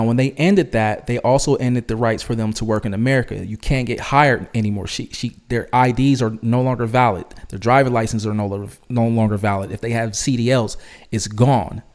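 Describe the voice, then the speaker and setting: A man's voice: medium pitch, darkish tone. A man hosting a commentary channel, reacting to clips in an emphatic, argumentative, lecturing way.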